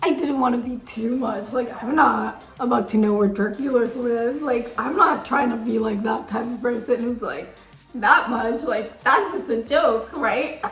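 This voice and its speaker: A young woman chats through a story in a high, giggly voice, dropping lots of fillers as she goes. The room rings with a noticeable echo, and soft music plays faintly underneath. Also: unhurried. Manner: giggly, chatty, many fillers. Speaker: vlogger. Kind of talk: casual storytelling.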